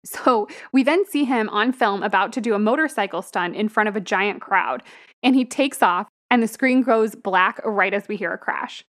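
A woman's voice: mid-range voice, normal speed, a bit bright. A young woman co-hosting a podcast, casually recapping a film plot and laughing often as she talks. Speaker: podcast co-host. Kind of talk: casual movie review chat.

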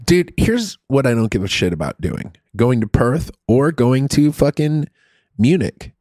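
A middle-aged man telling a story in casual chat, crude and profane with an animated, rambling delivery. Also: medium pitch, unhurried, no room sound, studio quality.

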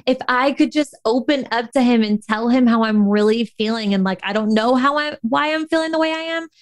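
A woman's voice: fairly high pitch, a little fast, dry recording. A woman in her thirties telling a personal story in a candid, emotional way, full of fillers and restarts. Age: 30s.

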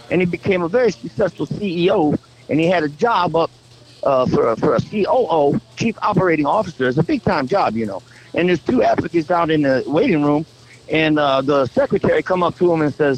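Casting: man with a high voice, folksy joke-teller calling into a show. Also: animated, a little fast, low-quality recording. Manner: folksy drawl, ungrammatical storytelling. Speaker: phone-in guest. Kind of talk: telling a joke on a call.

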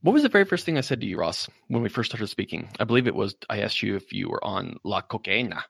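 A man hosting and coaching prank calls, speaking with playful loud scolding and deadpan asides. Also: lowish voice, quick pace, creaky, breathy edge, no room sound, studio quality. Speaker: prank call host and coach. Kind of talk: prank phone call.

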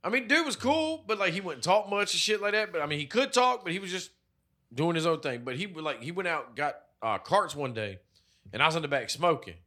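A young man with a bright, forward voice that sits a little high, chatting casually. He tells profane, animated stories and jumps up in pitch to act out the people he quotes. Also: brisk. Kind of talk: casual storytelling chat.

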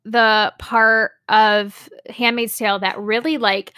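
Young american woman on a podcast, bright kinda high voice, rambles. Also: level tone, slow pace, no echo, clean studio sound. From United States. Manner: rambling, hesitant, many fillers. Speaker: podcast co-host. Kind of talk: casual chat.

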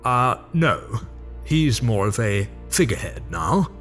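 An old male wizard speaks gravely and slowly, his pitch rising and falling in broad, theatrical sweeps, as a man puts him on. Music plays clearly under him in this comic sketch. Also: sing-song, fairly bright tone. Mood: solemn. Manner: slow, solemn pronouncements.

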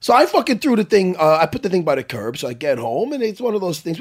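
Racing with few pauses, a middle-aged man recounts a story in loose, foul-mouthed chat, his husky, slightly rough voice showing big pitch swings. Those swings grow wider as he gets worked up.

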